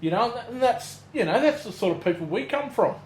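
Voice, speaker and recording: A man's voice: sits high, expressive, a little fast. An Australian man co-hosting a podcast in laid-back casual chat, swearing freely and telling rambling jokes. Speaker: podcast co-host. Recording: echoey room with faint noise.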